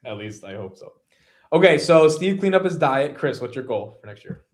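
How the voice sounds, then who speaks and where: A man's voice: fairly high pitch, big pitch swings, moderate pace. A man co-hosting a live stream, chatting casually and joking, often letting his sentences fade out. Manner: joking, often trailing off quietly. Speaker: stream co-host. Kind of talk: casual chat.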